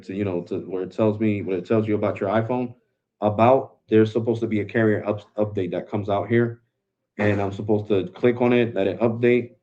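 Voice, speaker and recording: Casual male tech streamer, low voice, slangy and relaxed, muffled lo-fi audio. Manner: laid-back, slangy, calls viewers bro. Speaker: tech live stream host. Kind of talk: casual live stream talk. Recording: dull lo-fi sound.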